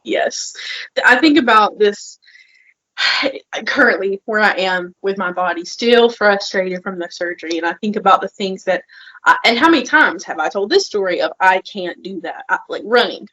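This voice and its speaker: Husky-voiced woman podcast co-host. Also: mid-range voice, moderate pace. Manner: expressive, self-deprecating, laughs easily. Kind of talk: casual podcast chat. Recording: slightly dull, lo-fi sound.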